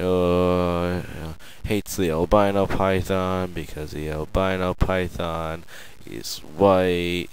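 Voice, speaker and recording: A young man doing a rambling sit-down comedy monologue, meandering with lots of fillers and sudden loud outbursts. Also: low voice, clean tone, low-quality recording. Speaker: amateur comedian.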